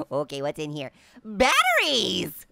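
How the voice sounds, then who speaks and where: A hyper cartoon orange cracks puns and giggles through a game, his voice pitched high and swinging wildly up and down. It has a bright, gravelly edge. The delivery is loud and exclamation-heavy. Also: no echo, exaggerated voice. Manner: punning, giggly, constant exclamations. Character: wisecracking male talking orange, hyper and giggly. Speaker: gaming channel host. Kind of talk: cartoon let's-play commentary in character.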